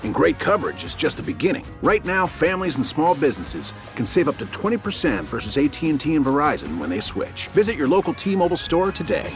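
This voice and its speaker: A man's voice: on the high side, big pitch swings, quick pace, hardly any pauses, faint music behind. A man reading a scripted radio commercial in an upbeat, persuasive way. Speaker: commercial announcer.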